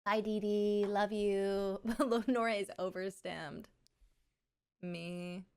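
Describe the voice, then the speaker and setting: A woman's voice: mid-range voice, steady tone, darkish tone, clean tone. A young woman with a slight lisp, chatting casually and giggling with her live audience. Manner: chatty and giggly, drawn-out words. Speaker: livestreamer.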